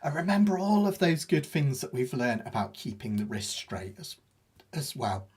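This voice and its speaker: A man's voice: mid-range voice, big pitch swings, a little mellow, slightly rough, soft background music. Chatty man teaching ukulele. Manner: fast, chatty, self-deprecating explaining. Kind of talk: live online music lesson. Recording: ukulele playing behind the voice.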